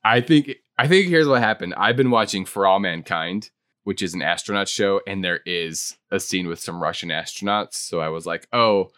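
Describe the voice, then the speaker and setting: Earnest low-voiced male podcast host. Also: normal speed, a bit bright, no echo, clean studio sound. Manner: earnest, reflective, repeats himself. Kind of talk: casual chat.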